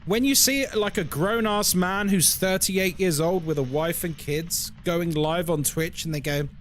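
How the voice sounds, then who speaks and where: A man's voice: high-pitched, a little slow, a bit bright, slight background noise. A man live-streaming a horror game, chatting casually to his viewers in a joking, sarcastic, rambling way.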